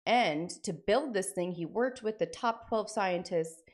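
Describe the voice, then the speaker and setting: Woman streamer, casual live chat, rambling, filler-heavy, mid-pitched. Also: unhurried. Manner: rambling, lots of "like" and "frickin'".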